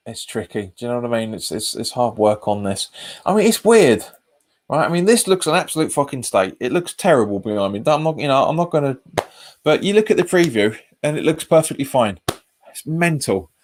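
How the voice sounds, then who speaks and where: A man's voice: medium pitch, very animated, fairly quick, a little hiss or hum. Chatty man hosting a live match stream. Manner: chatty, reacts to live chat comments and the match; casual, says "mate" often. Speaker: host of a football fan channel. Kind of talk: live match watch-along chat. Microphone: webcam.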